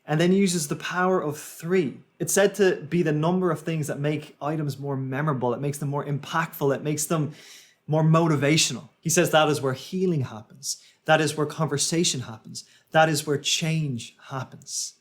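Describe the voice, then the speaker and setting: A man's voice: a little high, darkish tone. Analytical man breaking down a speech. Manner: analytical, explains speech techniques step by step. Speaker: public speaking coach. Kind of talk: reaction commentary.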